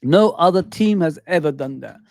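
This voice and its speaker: Middle-aged man, live-stream host, slightly high voice, animated chat that keeps repeating itself, dry close mic. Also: normal speed, creaky, dry recording. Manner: animated, repeats phrases, reads and answers chat.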